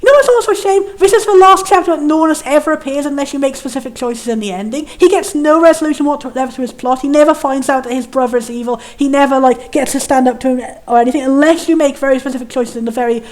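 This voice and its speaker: Her pitch is high and slightly mellow as she rambles through a laid-back game critique. The reviewer laughs often, stays sarcastic, and pops into fast voices for the characters.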